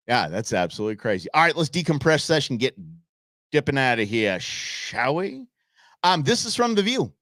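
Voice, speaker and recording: Lively rambling man hosting a live show. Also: on the high side, a little fast, no echo, studio quality. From Southern California. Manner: rambling, animated, folksy asides to viewers. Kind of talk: casual live-stream chat.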